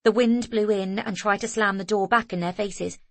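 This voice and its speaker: A woman reading an audiobook novel in a steady, measured narration. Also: medium pitch, no room sound. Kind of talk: scripted narration.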